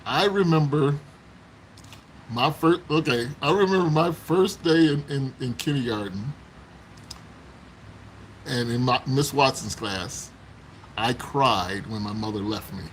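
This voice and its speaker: A man's voice: mid-range voice, a little slow, pauses often, a little hiss or hum, low-quality recording. A man live-streaming from home on his phone, chatting with viewers and telling childhood stories, laughing often. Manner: laughs often while reminiscing. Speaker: livestream host chatting with viewers. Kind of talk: casual live-stream chat and storytelling.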